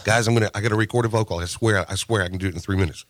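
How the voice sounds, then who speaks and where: A man co-hosting a radio show, telling stories in casual banter and mimicking coworkers loudly. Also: lowish voice, steady tone, rapid-fire, no echo.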